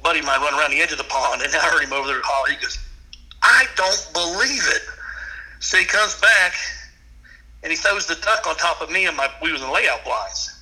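Folksy bright-voiced man telling hunting stories. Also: on the high side, racing, hardly any pauses, low-quality recording. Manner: folksy, laughs often, rural grammar. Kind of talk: casual storytelling.

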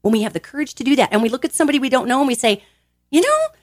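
Talking rapid-fire, a woman raised in a big Italian family gives a lively motivational podcast talk, stressing her points and voicing small quoted characters. Her pitch swings expressively, and the studio-quality audio has no echo.

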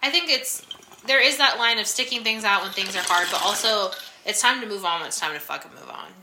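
A woman's voice: mid-range voice, a little fast, background noise. A woman in her thirties co-hosting a podcast, chatty and swearing casually. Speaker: podcast co-host.

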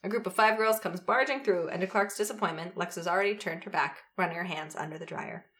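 A woman co-hosting a podcast and reading fan fiction aloud, lively and quick to laugh, pausing to fix her own misreadings. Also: fairly low pitch. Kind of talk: reading a story aloud, with joking asides.

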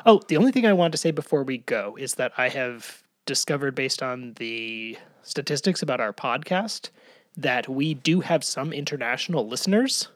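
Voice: medium pitch, lively intonation, normal speed, no room sound. Podcast co-host, casual chat, chatty, laughs often, dry sound.

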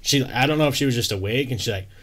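A young man co-hosts a casual podcast, talking loosely with plenty of fillers. He slips into quoted voices when he tells a story, and his voice sits at an ordinary middle pitch. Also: racing. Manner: relaxed, filler-heavy, acts out quoted voices.

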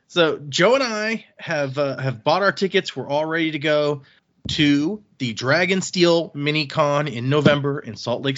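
A man's voice: fairly high pitch, fairly bright tone. A man co-hosting a podcast in casual chat, easygoing and rambling, often trailing off mid-sentence. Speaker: podcast co-host. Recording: muffled lo-fi audio.

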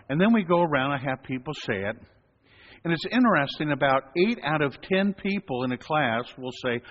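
A man preaching as a priest, telling stories at an unhurried pace with gentle humor. His voice is mid-pitched and carries a long echo from a large hall. The recording sounds dull and lo-fi. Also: expressive. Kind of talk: sermon.

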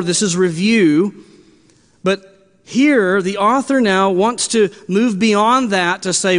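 A man's voice: high voice, big-room sound. A male pastor preaching an expository sermon, teaching earnestly and repeating key words as he goes.

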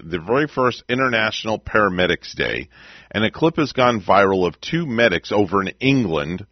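A man's voice: on the low side, no echo, muffled recording. A man hosting a morning radio show, chatting casually with a rambling, easygoing manner. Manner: chatty, rambling, laughs along with clips.

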